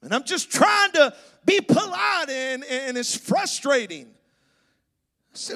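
A man with a strikingly high voice preaches to his congregation. He delivers his sermon emphatically, rising into shouts and a sing-song cadence, often stammering and restarting his phrases. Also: animated, unhurried. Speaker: pastor. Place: church sanctuary.

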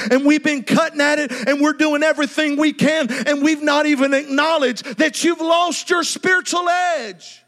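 A man delivers a sermon in a strikingly high voice. He preaches with passion and repetition, sometimes rising into a half-sung, shouted cadence. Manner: repetitive, impassioned preaching with acted quotes. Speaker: pastor.

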